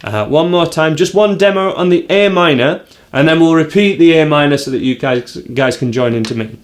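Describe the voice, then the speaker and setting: A man teaching a guitar lesson, explaining strumming and counting the beats out loud. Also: on the high side, normal speed. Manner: counts and calls out strums aloud. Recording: guitar playing behind.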